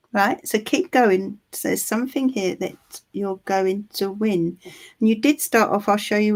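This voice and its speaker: A woman gives a live psychic reading, her voice sitting at a plain middle pitch. She soothes and reassures, calling the listener her love. She pauses often, trailing off into ums and starting phrases over. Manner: halting, with many ums and restarts. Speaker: tarot reader.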